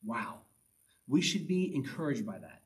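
A man's voice: mid-range voice, sing-song, unhurried, distant mic, rough recording. A man preaching a sermon in a conversational way, reading scripture aloud and repeating his key points for emphasis. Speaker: pastor.

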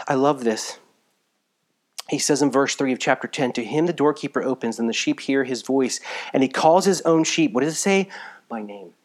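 Guy preaching a live sermon, chatty, goes loud and punchy then drops real quiet, sounds kinda tired. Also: medium pitch. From United States. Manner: conversational preaching, rising to emphatic bursts, dropping to quiet asides. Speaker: pastor.

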